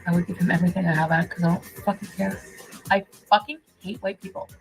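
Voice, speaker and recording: A woman's voice: lowish voice, steady tone, fast, creaky, faint music behind, low-quality recording. A drunk woman from Canada ranting and swearing on a livestream, slurring her words.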